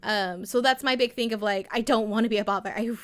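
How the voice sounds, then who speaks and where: A woman's voice: on the high side, steady tone, fast talker. A woman streamer chatting casually while playing a game, rambling and acting out her own and others' lines.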